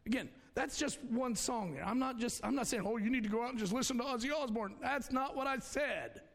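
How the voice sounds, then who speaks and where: A male pastor preaching a folksy sermon, swinging between shouts and hushed asides. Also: very high-pitched, creaky. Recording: long hall reverb.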